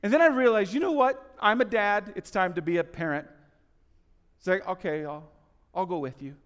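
A male pastor preaching with a slightly high voice, his delivery swinging from loud, urgent lines to soft, hushed ones. A long reverb from the hall trails his words. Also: normal speed. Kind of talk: sermon.

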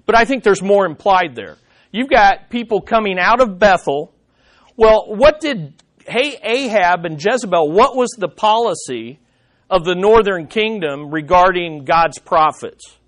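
Man, high voice, Bible study teacher, emphatic, rhetorical questions. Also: fairly bright tone. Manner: emphatic, asks rhetorical questions then answers them.

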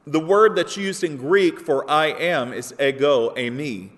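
A man's voice: on the high side, a little slow, fairly bright tone. A pastor delivering a sermon, earnest and explanatory, rising to emphatic peaks when he quotes scripture. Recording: long hall reverb.

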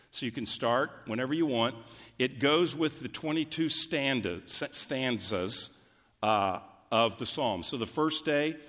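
A man preaching a sermon as pastor, conversational and emphatic, with sudden loud peaks. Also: medium pitch. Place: church sanctuary. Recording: long hall reverb from a church.

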